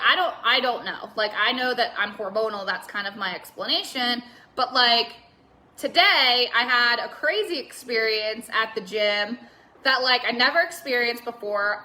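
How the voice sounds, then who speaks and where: Bright-voiced woman rambling on a live stream. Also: on the high side. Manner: rambling, many "like" fillers, candid and swearing; reads out viewer comments. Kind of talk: casual Facebook Live chat.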